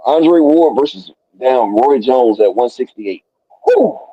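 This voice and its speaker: A man hosting a casual boxing talk stream, profane and excitable as he rattles off dream fights. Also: mid-range voice, measured pace, no echo, highs cut off. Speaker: boxing talk show host. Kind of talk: casual live stream banter.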